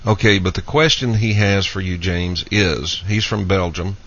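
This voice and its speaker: A man's voice: low-pitched, unhurried, fairly bright tone, husky. A man hosting a call-in radio show, steadily taking calls and reading out listener questions. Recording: dull lo-fi radio sound.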